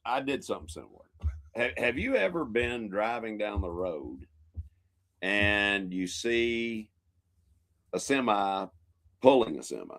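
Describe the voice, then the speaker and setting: A man's voice: fairly low pitch, sing-song, unhurried, pauses often, a bit bright. A man co-hosting a casual livestream, folksy with short agreeing replies and wry asides. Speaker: co-host.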